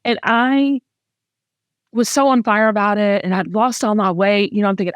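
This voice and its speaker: A woman's voice: medium pitch, fairly even intonation, normal speed, clean tone, no room sound, studio quality. A middle-aged woman with a Southern US accent, hosting a podcast and talking candidly and emotionally in casual chat. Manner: emotional, candid, chatty storytelling. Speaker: podcast host.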